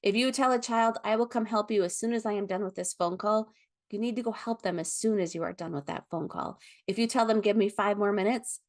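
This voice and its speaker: A woman leading a foster care training lecture, explaining gently with frequent ums and self-corrections. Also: medium pitch.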